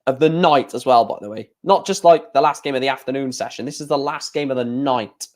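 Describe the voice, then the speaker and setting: A man's voice: mid-range voice, fairly quick. A young man hosting a livestream watchalong, giving casual running commentary on darts with chatty, opinionated and grumbling asides.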